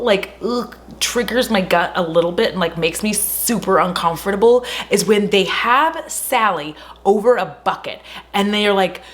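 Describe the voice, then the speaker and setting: A young woman host at home retelling a horror movie casually, chatty and animated, swearing often and full of "like" fillers. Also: mid-range voice, slight background noise.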